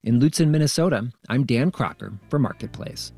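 A man, a radio reporter, narrating a scripted news feature in a calm, measured way. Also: mid-range voice, gravelly, faint music behind.

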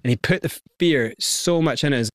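Scottish man telling an animated story. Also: fairly high pitch, normal speed, no room sound, studio quality. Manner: animated, acts out other people's lines. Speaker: interview guest. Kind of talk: candid storytelling.

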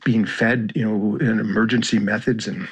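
A man's voice: on the low side, steady tone, normal speed, husky. An American man, a journalist guest, speaking reflectively in an interview with frequent restarts. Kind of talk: interview conversation.

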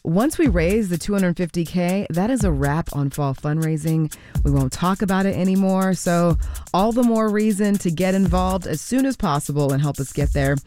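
Woman radio host over soft music. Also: lowish voice, animated, moderate pace. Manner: friendly, self-correcting, conversational. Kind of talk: radio pledge drive and music hosting. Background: faint music.

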